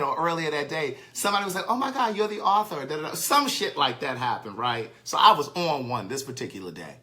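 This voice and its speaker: A man tells a personal anecdote straight into the camera. His voice is bright and sits a little high. His delivery is loose and chatty, with swearing and easy laughter at his own expense. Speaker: author and live-streamer. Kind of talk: casual storytelling monologue.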